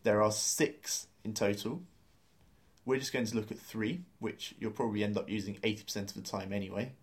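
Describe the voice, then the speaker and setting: A man's voice: fairly low pitch, fairly quick. A man teaching a beginner language lesson, explaining grammar step by step and spelling out words letter by letter.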